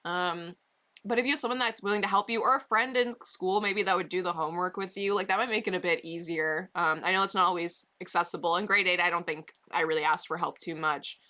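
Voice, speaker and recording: Brief: chatty woman streamer with a bright, sharp voice, casual and rambling, talking to viewers from her basement. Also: lowish voice, fairly even intonation, fast. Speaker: livestreamer. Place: basement bedroom.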